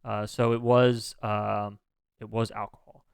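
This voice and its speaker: A man's voice: fairly low pitch, little pitch movement, unhurried, creaky, smooth, no room sound, clean studio sound. A man co-hosting a casual wrestling podcast, reading out a news update with lots of fillers and apologies. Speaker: podcast co-host.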